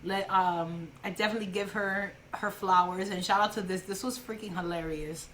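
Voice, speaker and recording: A woman's voice: mid-range voice, fairly even intonation, fairly bright tone, a little hiss or hum. A woman co-hosting a podcast, talking casually, with many fillers and strong opinions. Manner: chatty, halting, with many fillers and outspoken opinions. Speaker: podcast co-host. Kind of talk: casual chat about wrestling.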